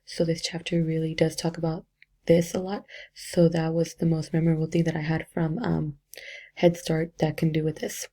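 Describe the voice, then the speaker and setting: Husky, gravelly young woman, chatty. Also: deep voice, little pitch movement, moderate pace, dark tone. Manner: chatty, filler-heavy, self-correcting. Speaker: education student. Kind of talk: casual spoken book reflection.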